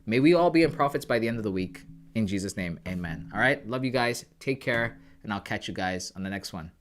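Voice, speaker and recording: A man's voice: fairly low pitch, lively intonation, brisk, slight background noise. A man from Canada hosting a trading livestream, chatting casually and calling viewers "bro" and "guys".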